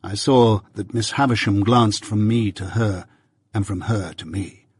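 A man giving a measured, earnest first-person reading of a novel, as an audiobook narrator. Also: fairly low pitch, fairly even intonation, darkish tone, breathy edge, dry recording, clean studio sound.

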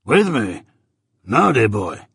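A man voicing a rough old male ex-convict in an audiobook, with rough rustic speech and a habit of saying "dear boy". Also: mid-range voice, sing-song, takes it slowly, a bit bright, no echo, studio quality, heavily acted. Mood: gruff, wary. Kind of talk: audiobook character voice.

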